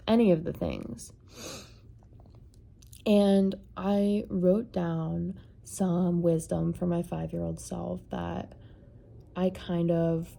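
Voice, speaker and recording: A woman vlogger giving an earnest, soft-spoken reflective monologue, peppered with "like" and "kind of". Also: lowish voice, gravelly.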